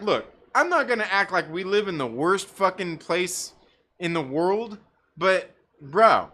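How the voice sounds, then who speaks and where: A man hosting a live stream, telling a profane, animated story in a casual rant with bursts of laughter. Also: sits high. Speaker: livestream host.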